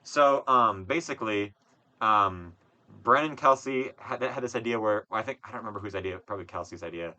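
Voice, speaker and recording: Low bright-voiced young man telling stories. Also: fairly quick, lo-fi sound. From Wisconsin. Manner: rambling storyteller with swearing and fillers. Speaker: podcast co-host. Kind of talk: casual chat.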